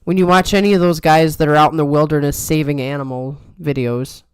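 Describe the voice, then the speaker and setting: A woman's voice: deep voice, steady tone, brisk, clean tone, no room sound, studio quality. A woman co-hosting a podcast, chatting casually and telling stories with a giggle. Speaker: podcast co-host. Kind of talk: casual chat.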